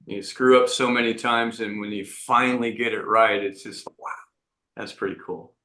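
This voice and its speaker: A man's voice: lowish voice, fairly even intonation, normal speed, sharp tone, reverberant. A man speaking earnestly as an entrepreneur guest in an interview, often restarting his sentences. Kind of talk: reflective interview talk.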